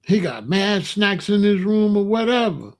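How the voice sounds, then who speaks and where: A man telling a casual personal story in a loose, streetwise way, sometimes dropping into low murmurs. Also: big pitch swings, a little slow. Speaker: storyteller host.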